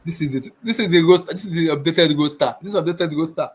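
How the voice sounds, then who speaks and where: A man hosting a casual football podcast, talking excitably and repeating himself. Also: a little high, fast talker, breathy edge. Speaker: podcast host.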